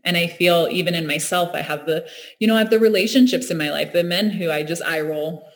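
A woman's voice: lowish voice, a little fast. Woman talking thoughtfully in a casual chat, earnest, laughs a lot, restarts her lines. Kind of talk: reflective casual conversation.

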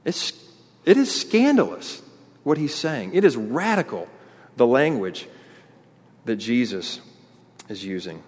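A pastor, preaching an animated sermon and acting out the crowd's voices. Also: male voice, medium pitch, measured pace, pauses often, husky. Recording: long hall reverb.

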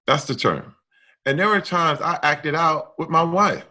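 Middle-aged man, emphatic candid talk, bright forceful voice, raised pitch. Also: unhurried. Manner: emphatic, expressive, swings between loud and soft. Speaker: guest. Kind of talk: candid conversation.

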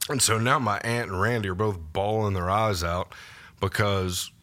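A man telling a personal faith story as a podcast guest, casual and halting, with many fillers and restarts. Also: on the low side, steady tone, bright, forceful tone. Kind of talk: personal testimony in a podcast interview. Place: podcast studio.

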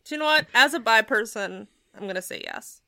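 Bright, teasing female player, close dry mic. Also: fairly high pitch, lively intonation, brisk, dry recording. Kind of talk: casual podcast banter.

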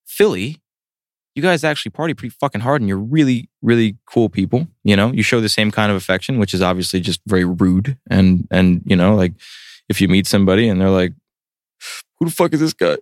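A band member from New Jersey telling a long, animated rant in casual chat as a podcast guest, peppered with swearing and tag questions. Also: male voice, on the low side, a little fast, dry recording, clean studio sound. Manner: animated ranting storyteller, swears freely, frequent "right?".

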